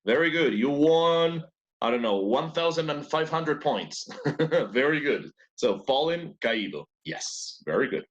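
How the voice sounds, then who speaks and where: Lively, encouraging male English teacher. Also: fairly high pitch, measured pace, muffled recording. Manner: encouraging, repeats answers, praises often; switches between English and Spanish.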